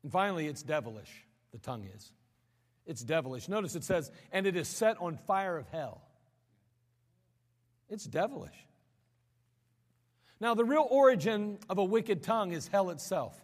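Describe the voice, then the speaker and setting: A man preaching a sermon, swinging between raised emphatic lines and sudden quiet drops, often repeating words as he builds a point. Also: high voice, very animated, moderate pace, pauses often. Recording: long hall reverb.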